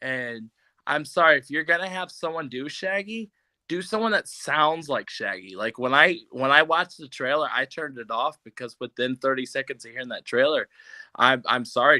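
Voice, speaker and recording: A man co-hosts a casual podcast, rambling with plenty of fillers and doing cartoon voice impressions, though his voice is slightly off today because he's unwell. His mid-range voice is pushed and bright at normal speed, captured on a video call setup while he sits back from the camera.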